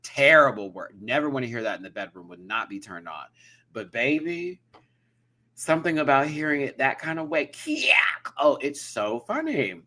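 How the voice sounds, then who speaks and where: A man hosting a live review of a show in casual, animated, giggly chat. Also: mid-range voice, fast talker, few pauses.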